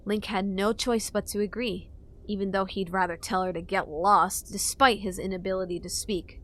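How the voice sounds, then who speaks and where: A woman reading fan-fiction narration for an audiobook in a steady storytelling manner. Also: mid-range voice, normal speed.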